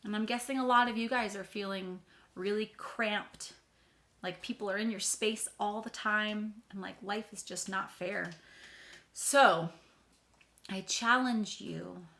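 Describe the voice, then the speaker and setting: A woman's voice: mid-range voice, steady tone, measured pace, sharp tone. A woman reading a picture book aloud to children, explaining words and talking to them directly in a friendly way. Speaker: read-aloud teacher.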